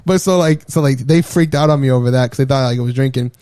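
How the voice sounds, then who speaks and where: A man co-hosting a podcast, telling a story in casual chat, animated and profane, acting out quotes and laughing often. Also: mid-range voice, quick pace, crowd noise. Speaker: podcast co-host.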